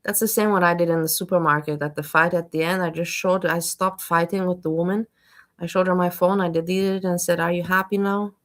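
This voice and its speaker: A woman hosts a casual chat and jumps in with her own stories. She speaks emphatically. Her voice sits somewhat low for a woman. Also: steady tone, a little fast.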